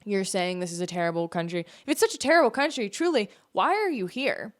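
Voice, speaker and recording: A woman's voice: mid-range voice, animated, fairly quick. A woman from the United States hosting a podcast, delivering an opinionated political monologue in an emphatic, argumentative way, full of rhetorical questions. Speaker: podcast host.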